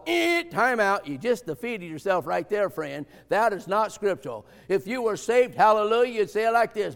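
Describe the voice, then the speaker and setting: A man preaching a sermon in a folksy, emphatic way, dropping to quiet asides and rising to shouted points. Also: sits high, animated, normal speed, vocal fry, few pauses, long reverb tail.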